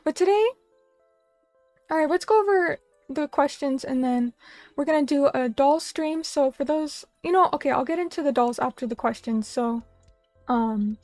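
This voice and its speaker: With faint music behind her, a young woman streams as a vtuber from a little table in a small room. Her high voice has a darkish tone and a normal pace as she casually chats, reads viewer comments, and rambles in a self-deprecating way.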